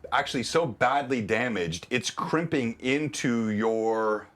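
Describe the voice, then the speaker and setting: Guy running a tabletop game on stream, lively up-and-down voice, laughs a lot, middle pitch. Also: slow. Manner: animated, laughs often, talks through rules and narration. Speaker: game master.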